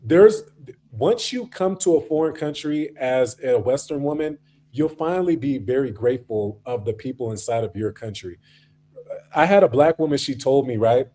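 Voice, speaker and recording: A man's voice: medium pitch, lively intonation, moderate pace, dark tone. A man hosting a livestream, arguing bluntly and telling stories in slangy casual talk, acting out quotes. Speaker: livestream host. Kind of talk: casual streamed debate talk.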